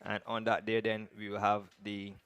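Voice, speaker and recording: A man, a racecourse announcer reading out the runners and recapping results in a measured, formal way, politely correcting his own slips from a commentary box. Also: lowish voice, monotone, a bit bright, clear, resonant tone, dry recording. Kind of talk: horse racing announcing and recap.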